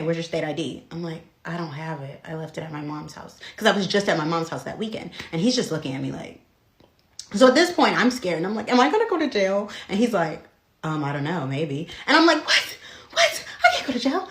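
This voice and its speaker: A nineteen-year-old woman telling a story to camera, animated and chatty with lots of fillers. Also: fairly low pitch, echoey room. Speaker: content creator.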